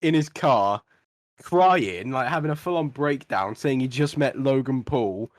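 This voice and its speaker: A man's voice: medium pitch, measured pace, no echo, clean studio sound. Young man telling a story with energy. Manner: animated storytelling, swears, mimics people he talks about. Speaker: podcast co-host. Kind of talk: casual chat.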